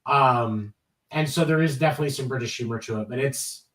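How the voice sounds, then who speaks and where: A man's voice: medium pitch, a little fast, a bit bright, reverberant, recorded from a distance, poor audio. A man co-hosting a late-night sports talk podcast, chatting casually and rambling with many restarts. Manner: rambling, many restarts, enthusiastic about comedy. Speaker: podcast co-host. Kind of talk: casual chat.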